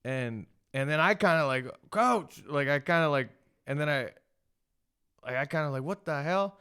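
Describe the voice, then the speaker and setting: Male podcast co-host, smooth clear voice, rambling casual storyteller. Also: mid-range voice, fairly even intonation, normal speed, sharp tone. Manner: rambling storyteller, many restarts and "like". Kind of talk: casual chat.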